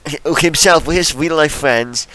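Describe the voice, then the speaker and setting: A man's voice: a little high, normal speed, sharp tone, low-quality recording. A man co-hosting a podcast, chatting playfully and teasing, with lots of fillers. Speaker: podcast co-host. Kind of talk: casual chat.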